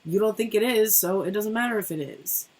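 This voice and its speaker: A middle-aged woman talks through a tarot reading in a loose, rambling way, swearing casually. Her voice is husky and a little breathy, sitting at an ordinary middle pitch. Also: a little fast. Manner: chatty, swears freely, rambling asides. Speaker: tarot reader.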